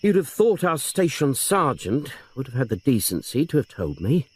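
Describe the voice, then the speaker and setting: Man doing a snappish female detective, curt and clipped, lower than his narration, lively pitch. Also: moderate pace, slightly rough. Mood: irritable. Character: brusque middle-aged female detective sergeant.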